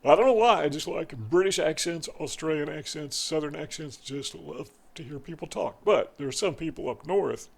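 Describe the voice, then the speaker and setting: A man's voice: a little high, animated, moderate pace, vocal fry, few pauses, breathy edge. A man hosting his own channel, talking in a rambling, conversational way with frequent restarts. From northern United States. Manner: rambling, self-correcting, conversational. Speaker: channel host. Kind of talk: casual monologue to camera.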